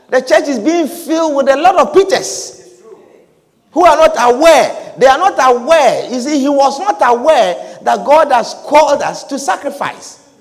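Man, preacher, sermon, repeats himself, hallelujahs, echoing church hall. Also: extremely high pitch. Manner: animated, repetitive, calls of hallelujah and amen.

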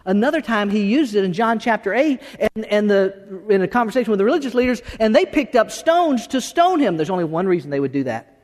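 Pastor guy preaching, high voice, lively and chatty, echoey church. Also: fairly quick. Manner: animated, conversational preaching with frequent restarts. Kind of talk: sermon. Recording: long hall reverb.

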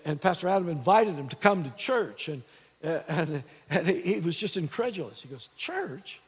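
A man's voice: high-pitched, slightly rough. A man preaching a sermon as pastor, restarting phrases and repeating words as he goes. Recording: long hall reverb.

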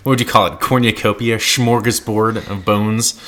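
A man's voice: on the low side, fairly even intonation, moderate pace, pushed and bright. A man co-hosting a podcast in a converted loft studio, talking in a playful, joking, rambling way. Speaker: podcast co-host. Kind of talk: casual chat.

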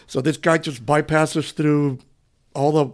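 A middle-aged man from Cuba, a retired police officer, telling his story in an interview in a relaxed, rambling way. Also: on the high side, unhurried. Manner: relaxed, rambling, often says "you know". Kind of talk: conversational storytelling.

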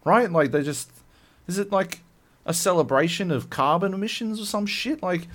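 A man's voice: high voice, normal speed, a bit bright. A man co-hosting a podcast, ranting profanely in casual chat. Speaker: podcast co-host.

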